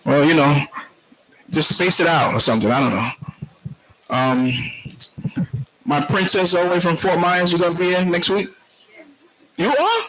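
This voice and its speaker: Calling on each member in turn, this jovial man leads a congregation class with frequent hallelujahs and playful teasing. His voice is on the high side and fairly bright, with a steady tone, a moderate pace and long pauses. The rough recording from the indoor meeting room has slight background noise, and congregation chatter and voices can be heard.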